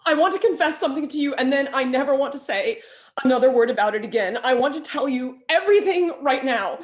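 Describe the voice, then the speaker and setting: A woman's voice: high voice, animated, fast. A woman reading the part of an impulsive sister, stammering as she confides. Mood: confiding. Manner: stammering, bursting into confession. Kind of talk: staged play reading.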